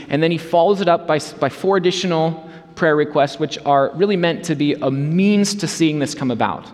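A man's voice: a little high, a little fast, in a large hall. A man preaching a sermon as a pastor, earnest and emphatic in a conversational way.

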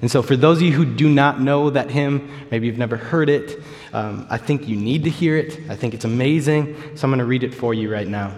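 A young man preaching a sermon, earnestly reading a hymn's lyrics slowly and telling its story. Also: medium pitch, darkish tone. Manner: earnest, slow and stirred when reading lyrics. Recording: reverberant hall.

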